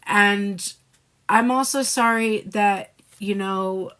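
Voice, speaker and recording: A woman's voice: medium pitch, steady tone, takes it slowly, fairly bright tone, smooth. A woman giving a live tarot reading in a casual, blunt way, speaking the messages of the card figures in the first person. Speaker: tarot reader.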